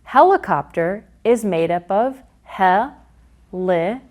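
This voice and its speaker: A woman reading a scripted teaching guide and pronouncing each syllable slowly and clearly. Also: medium pitch, sing-song, darkish tone. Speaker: curriculum narrator. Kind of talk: scripted instructional narration.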